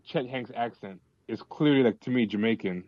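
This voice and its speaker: A man's voice: mid-range voice, moderate pace, dry recording, muffled recording. A man hosting a call-in podcast, chatting in an opinionated way with frequent fillers and restarts, speaking into a tablet mic. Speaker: podcast host. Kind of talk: casual chat.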